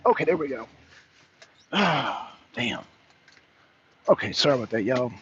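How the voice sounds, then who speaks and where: A man's voice: medium pitch, a little fast, a bit bright. A man, hosting a casual live-stream talk and chatting loosely with his viewers. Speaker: talk show host. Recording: dull lo-fi stream with faint noise.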